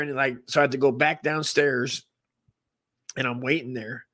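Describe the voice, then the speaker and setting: A man's voice: medium pitch, fairly even intonation, normal speed, a bit bright. Profane rambling male storyteller. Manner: profane, rambling, full of fillers; earnest when he gets serious. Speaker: comedy podcast host. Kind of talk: casual storytelling.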